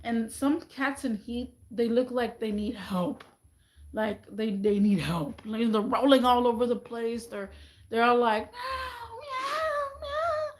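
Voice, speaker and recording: A woman vlogging in a casual, rambling monologue, chatty and animated, often mimicking other people's voices. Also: a little high, measured pace, reverberant, low-quality recording.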